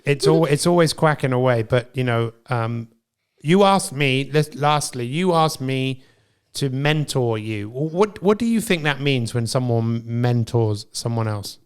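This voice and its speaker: A man's voice: medium pitch, expressive, a little slow, clear, resonant tone. A man hosting a podcast interview, asking questions in an encouraging way. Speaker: podcast host. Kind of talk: casual interview chat.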